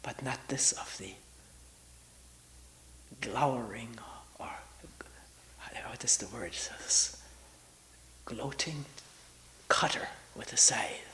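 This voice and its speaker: A meditation retreat teacher, a woman in her sixties, gives a reflective spiritual talk, speaking slowly and searchingly with long pauses and frequent drops into a half-whisper. Her voice rumbles low yet sounds pushed and bright, and the audio is poor.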